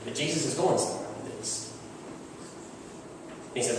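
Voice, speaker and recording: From the back of an echoey church sanctuary, a pastor of medium pitch delivers his sermon at a moderate pace, using a conversational and emphatic storytelling approach. Background noise is present in the distant recording.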